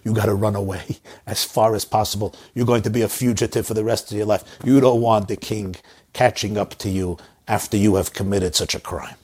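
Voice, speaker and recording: Man doing a groaning old sage, husky and dismayed. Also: lowish voice, steady tone, brisk, darkish tone, voice pushed down. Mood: lamenting. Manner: lamenting, with groaning sighs. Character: fretful older male sage, doom-saying.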